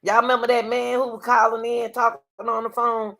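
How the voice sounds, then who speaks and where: Emphatic woman with a gravelly voice. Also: fairly high pitch, monotone, fairly quick, fairly bright tone. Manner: emphatic, exclaims to the Lord, talks to viewers as y'all. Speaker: livestream commentator. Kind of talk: reaction commentary on a court case.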